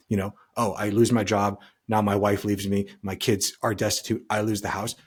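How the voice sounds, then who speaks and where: A man's voice: medium pitch, slightly rough. A man co-hosting a podcast in casual chat, rambling and talking through hypothetical scenarios. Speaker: podcast co-host.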